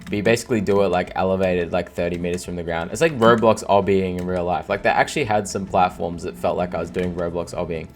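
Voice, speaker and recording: A man's voice: low voice, fast talker, hardly any pauses, soft background music. A young man in his twenties from Australia, rambling casually over gameplay with lots of fillers and laughs, and tired from no sleep. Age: 20s. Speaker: gaming streamer.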